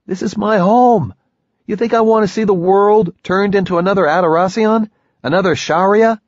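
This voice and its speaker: A man's voice: on the high side, very animated, moderate pace, no room sound, highs cut off, voice pushed up. A man voicing a pressing, wry male envoy agent in an audiobook, swearing freely. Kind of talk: audiobook character voice.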